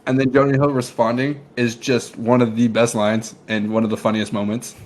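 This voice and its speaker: Laughing, animated male podcast co-host. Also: medium pitch, moderate pace. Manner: animated, laughs often while retelling scenes. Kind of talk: casual movie review chat.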